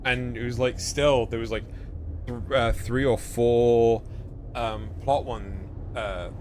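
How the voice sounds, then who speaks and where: A man streaming a game with friends, chatting casually and swearing, full of halting restarts. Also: medium pitch, fairly even intonation, darkish tone, slight background noise. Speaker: streamer voicing game cutscenes. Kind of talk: casual gaming chat.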